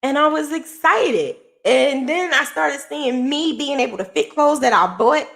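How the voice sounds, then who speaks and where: A woman's voice: high voice, animated, a little slow, gravelly, a bit bright. A middle-aged woman hosting a podcast, telling her own story in a candid, emotional way and swearing freely. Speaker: podcast host. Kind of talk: personal storytelling.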